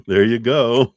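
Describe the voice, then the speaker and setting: A man's voice: medium pitch, no echo. A man giving a live tarot reading, chatty and laughing often, acting out little quotes as he goes. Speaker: tarot reader.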